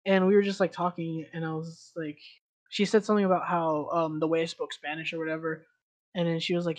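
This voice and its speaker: A man's voice: fairly high pitch, flat delivery, a little fast. Young guy, tiny hispanic accent, rambly podcast chat, lots of likes and ums. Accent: slight Hispanic. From United States. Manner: rambling, laughs often, many likes and ums. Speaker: podcast co-host. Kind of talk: casual chat.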